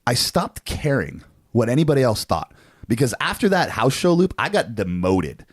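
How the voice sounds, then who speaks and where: A man in his forties, co-hosting a podcast, telling a story in a casual, animated way with lots of swearing and fillers. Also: medium pitch, moderate pace, husky, dry recording, studio quality. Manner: animated, profane, frequent fillers. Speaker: podcast co-host.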